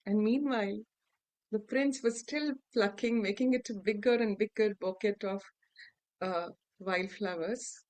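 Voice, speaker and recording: A woman with an Indian English accent telling a fairy tale aloud to adults, acting out the characters' lines with lively shifts in pitch and loudness. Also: a little slow, no echo, low-quality recording. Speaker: storyteller. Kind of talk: oral fairy-tale storytelling.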